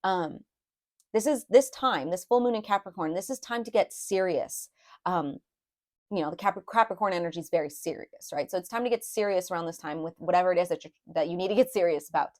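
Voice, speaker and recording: Brisk and a little mellow, a lowish female voice delivers a tarot reading in a loose, confiding way. She restarts often, leans on fillers, and lets her own emotions show plainly.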